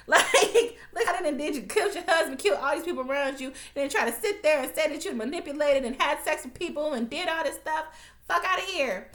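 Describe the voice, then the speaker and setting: A TV recap vlogger rants through an episode recap in a slightly high voice, speaking straight to her viewers. She's blunt and profane, full of animated asides, talking briskly with roomy sound.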